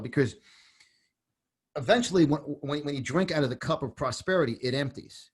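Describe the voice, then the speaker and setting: A man's voice: a little high, moderate pace, husky. A man in his fifties from New York, with a New York accent, talking as a podcast guest in an intense, emphatic way and often repeating phrases. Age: 50s. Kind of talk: impassioned political talk.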